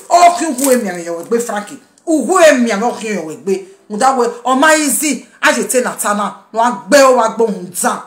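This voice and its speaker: Woman, defiant social-media rant, scolding critics, slightly high voice, roomy echo. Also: fairly bright tone. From Nigeria. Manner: defiant, scolding, mixing pidgin English and a local language. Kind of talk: angry rant to followers.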